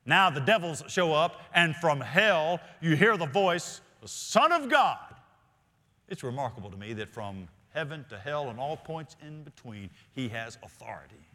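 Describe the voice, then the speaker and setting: A male senior pastor preaching a sermon in a church, earnest, often slowing and dropping to quiet emphasis. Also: a little high, animated. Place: church sanctuary. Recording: long reverb of a large hall.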